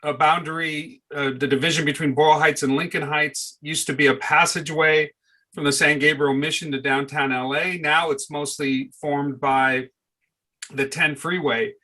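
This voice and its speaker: Bright-voiced man explaining history. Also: on the high side, steady tone, normal speed. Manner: hesitant, many fillers. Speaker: historian, author. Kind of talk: panel discussion answer.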